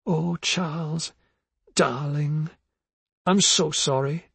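A man's voice: steady tone, takes it slowly, gravelly, a bit bright, slightly rough, no room sound, full character voice. A man doing a distraught weeping woman. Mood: contrite. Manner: wailing, pleading, high and broken. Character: distraught middle-aged woman, wild, manipulative.

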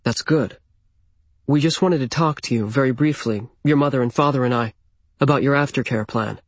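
A soft-spoken, kindly hospital doctor, as a man reads him in a storybook, gentle and measured at an even middle pitch. The voice has a slightly husky grain and sits close and dry, with no room around it. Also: dry recording, lightly acted. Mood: calm reassuring.

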